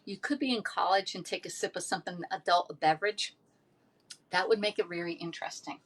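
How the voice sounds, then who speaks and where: Woman, casual home cooking host, rambling and self-amused, lowish voice. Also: brisk, fairly bright tone, a little hiss or hum. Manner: chatty, rambling, laughs at herself. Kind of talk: casual cooking demo chat.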